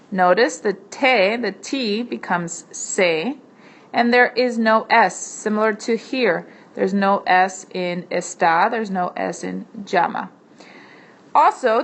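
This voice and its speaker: A woman teacher narrating a screencast language lesson, slowing down to pronounce each example word carefully while she writes on a tablet. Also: mid-range voice. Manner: slow, careful enunciation of example words. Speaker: Spanish teacher. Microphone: computer mic while drawing on a tablet.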